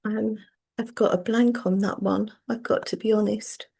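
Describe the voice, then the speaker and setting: Woman in her sixties, session participant, gravelly voice, halting and emotional. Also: medium pitch, fairly even intonation, mellow. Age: 60s. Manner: hesitant, emotional, many ums. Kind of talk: personal sharing.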